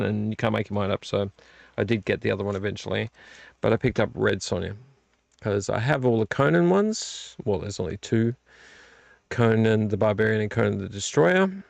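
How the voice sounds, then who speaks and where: Tired vlog host, gravelly, dry close sound, rambling chat. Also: male voice, lowish voice, normal speed, dry recording. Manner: relaxed, rambling, complains about covers. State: tired and yawning. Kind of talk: casual late-night chat. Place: home room.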